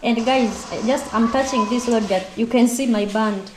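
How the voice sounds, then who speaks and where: A young woman with a Kenyan accent cooks and chats straight to her viewers in a village home. Her voice carries an echo. Loud noise sits behind her. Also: a little high, moderate pace. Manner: chatty, addresses viewers directly. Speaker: vlogger. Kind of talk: casual cooking vlog. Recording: echoey with loud background noise.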